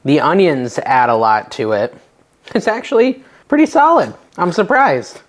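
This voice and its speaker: A middle-aged man hosting a casual home cooking vlog, chatty and nervous, with a self-deprecating manner and sudden excited yelps. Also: a little high, measured pace. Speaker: cooking channel host. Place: home kitchen.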